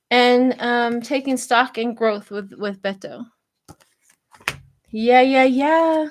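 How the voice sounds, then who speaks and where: Brief: older woman reading tarot on a livestream, unhurried, chatty, somewhat high voice. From Colorado, United States. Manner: chatty, laughs often, gossipy asides. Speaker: tarot reader.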